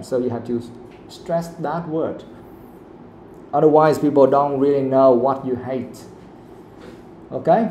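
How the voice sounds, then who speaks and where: A man teaching a live English pronunciation lesson, asking the class the same question again and again and saying the example sentences slowly. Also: medium pitch, mellow. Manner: asks questions again and again, quotes the audio slowly. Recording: echoey room, faint background noise.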